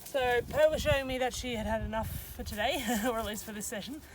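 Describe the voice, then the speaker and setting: A dog trainer with a fairly high, brisk voice chats casually while teaching her dogs a trick, stopping to praise them and give beeping cues. The recording was made outdoors and is noisy.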